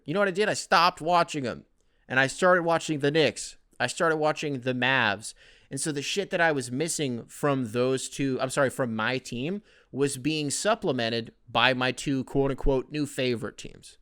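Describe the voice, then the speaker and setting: A man's voice: medium pitch, normal speed, a bit bright, clear, resonant tone, dry recording. A man hosting a casual solo podcast who answers listener emails in a rambling, profane, conversational way, close to the mic. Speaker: podcast host.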